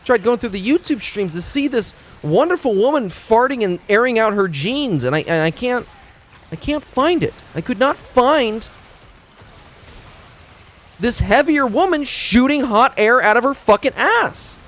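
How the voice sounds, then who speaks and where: High lively-voiced man streaming. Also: unhurried. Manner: rambling, profane, stammers and restarts. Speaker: game streamer. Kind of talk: casual live-stream chat.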